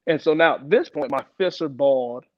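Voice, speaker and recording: A young man giving a personal account in an interview, halting, with many restarts and repeated words. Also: fairly high pitch. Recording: dull lo-fi sound, dry.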